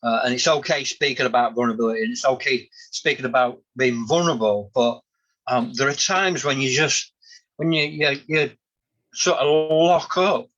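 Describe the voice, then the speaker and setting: A man's voice: medium pitch, moderate pace, a bit bright, dull audio. A man hosting a podcast, talking reflectively and hesitantly about his own feelings. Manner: reflective, hesitant, many restarts. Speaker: podcast host. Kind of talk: candid casual chat.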